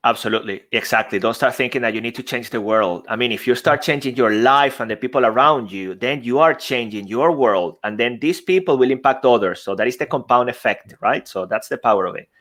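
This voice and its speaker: A man's voice: mid-range voice, a little fast, few pauses, fairly bright tone. A man speaking English with a non-native accent, a podcast guest and coach who talks emphatically and asks rhetorical questions. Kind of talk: conversational coaching talk. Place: remote podcast setup with desk mic.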